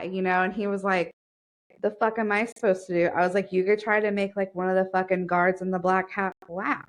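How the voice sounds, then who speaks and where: A woman's voice: mid-range voice, fast. Profane, joking woman podcast co-host. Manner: profane, joking, animated storytelling. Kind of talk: casual chat.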